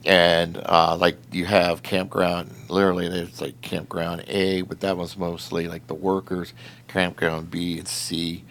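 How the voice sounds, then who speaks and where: Low-voiced and speaking at a measured pace, this man tells a story about patrol work, with slight background noise behind him. It's a casual, rambling chat full of fillers, delivered animatedly as he laughs along.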